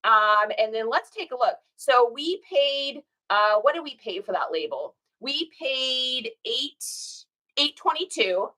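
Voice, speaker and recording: A woman's voice: fairly high pitch, expressive, slow, bright, forceful tone. A woman hosting a casual live stream while shipping orders, chatting folksily, telling stories and reading viewer comments aloud. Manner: folksy, says y'all.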